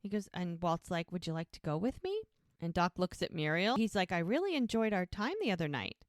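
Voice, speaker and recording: A woman's voice: on the low side, very animated, a little fast, no room sound, studio quality. A woman co-hosting a podcast, casually retelling scenes and quoting the characters as she goes. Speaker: podcast co-host. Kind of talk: casual recap chat.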